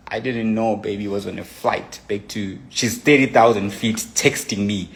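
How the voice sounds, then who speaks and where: A young man giving an emotional personal account, animated, acting out his own messages as he retells them. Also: lowish voice, normal speed, creaky, few pauses. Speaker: storyteller.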